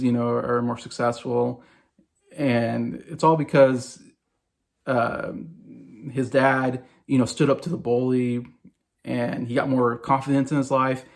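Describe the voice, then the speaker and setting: A man in his forties vlogs casually and enthusiastically about his favorite movies in a creaky, slightly mellow voice of medium pitch. He rambles, with many fillers and restarts.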